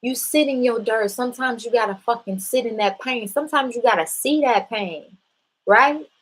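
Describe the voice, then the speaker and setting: A woman's voice: mid-range voice, fairly bright tone, low-quality recording. A woman hosting a casual spiritual talk, speaking bluntly and with profanity straight to her viewers. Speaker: spiritual live-stream host.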